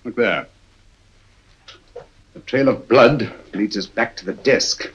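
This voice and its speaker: An actor playing a cool, precise middle-aged detective in a 1940s film, speaking in clipped, deductive sentences. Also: male voice, medium pitch, takes it slowly, husky. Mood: calm, probing. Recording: dull old film soundtrack.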